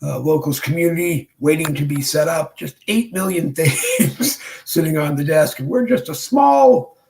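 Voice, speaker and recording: A man hosting his own livestream show, talking casually and rambling with many pauses from his home studio desk. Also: a little high, animated, gravelly, a little mellow, poor audio. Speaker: show host.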